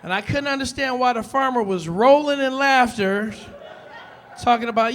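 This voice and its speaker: A stand-up comedian man from Detroit works a club stage through a handheld mic. His voice sits high and bright, and his delivery is punchy and loud as he acts out characters. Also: moderate pace, a little hiss or hum.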